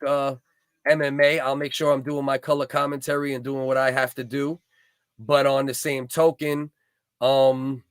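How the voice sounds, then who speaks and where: A man's voice: mid-range voice, no echo, studio quality. A man, hosting a casual livestream and telling rambling, profane, heated stories. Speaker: livestream host.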